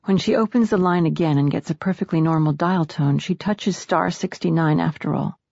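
A woman narrating a story in a measured, intimate audiobook reading. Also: low voice, creaky, darkish tone, dry recording, clean studio sound. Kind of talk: scripted narration.

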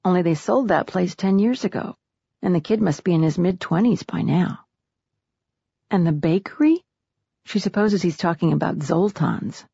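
Gravelly, husky woman narrating a story. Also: fairly low pitch, dark tone, dry recording, dull audio. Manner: measured, intimate storytelling. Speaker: audiobook narrator. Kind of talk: scripted narration.

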